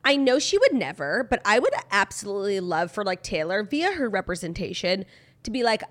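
A woman co-hosting a podcast, chatting about celebrity gossip in an animated, opinionated way and saying "like" a lot. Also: medium pitch, normal speed. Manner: opinionated, animated, heavy use of "like". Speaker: podcast co-host. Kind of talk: casual celebrity gossip chat.

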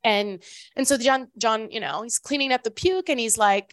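Chatty, fairly high-voiced woman. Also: animated, fairly quick, a bit bright, no echo. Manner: chatty, rambling, with many fillers and restarts. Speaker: podcast co-host. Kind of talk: casual chat.

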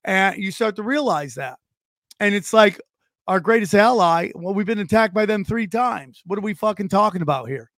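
High-voiced man ranting with profanity. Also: expressive, normal speed, a bit bright, no echo, clean studio sound. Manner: profane, ranting, with frequent restarts. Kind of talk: casual podcast chat.

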